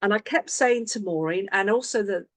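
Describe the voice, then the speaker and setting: A woman's voice: medium pitch, moderate pace, dry recording. A woman coaching her sales team on a video call, acting out sample conversations as she goes. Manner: animated, acts out sample conversations. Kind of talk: online team coaching session.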